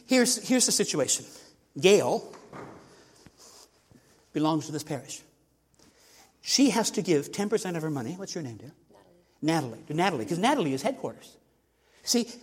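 A man's voice: fairly high pitch, husky. An older man preaching a folksy sermon on giving, calling on people in the pews by name. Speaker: visiting bishop's envoy preaching on tithing. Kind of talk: sermon with audience participation. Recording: long church reverb.

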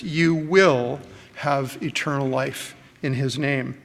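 A man preaching a sermon, earnest and measured, with frequent ums and uhs as he gathers his words. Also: on the high side, a bit bright. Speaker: pastor. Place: church hall with long reverb. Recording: reverberant church hall.

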